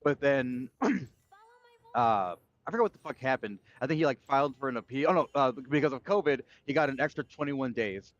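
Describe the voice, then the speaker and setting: A man's voice: mid-range voice, a little fast. A man streaming, telling a long story as a profane, ranting chat. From United States. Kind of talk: casual livestream chat. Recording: dull lo-fi mic.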